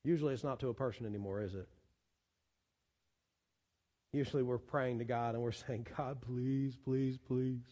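A pastor, preaching a sermon in animated style with pleading repetitions. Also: male voice, mid-range voice, brisk, pauses often. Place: church sanctuary. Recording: long church hall reverb.

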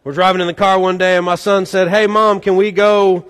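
A man's voice: sits high, level tone, a little fast, a bit bright, clean tone. A middle-aged male pastor preaching a conversational, joking sermon, acting out the voices of the people he quotes. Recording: long hall reverb.

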